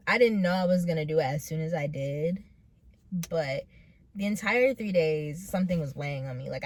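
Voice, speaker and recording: A young woman in her late teens speaks in a low voice into her camera mic, telling her own story. She talks haltingly, with pauses and fillers, and sounds earnest and close to tears. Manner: hesitant, full of pauses and "like" fillers. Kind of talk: personal storytelling.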